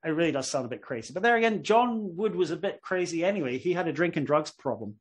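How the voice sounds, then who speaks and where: A middle-aged male professor lecturing to a live audience. He talks in a loose, conversational way, spins a story and checks in with "okay?". His voice sits a little higher than most men's. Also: lively intonation, quick pace.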